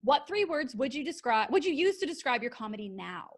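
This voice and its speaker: A woman hosting a casual podcast interview, gushing and excitable, swearing freely. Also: high-pitched, fairly quick. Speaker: podcast host.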